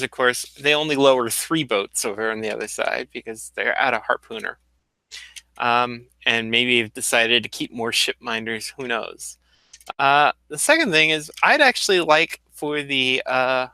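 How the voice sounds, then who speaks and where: A man's voice: medium pitch, sharp tone, no echo, poor audio. A man narrating as game master, explaining at length with loose fillers and restarts.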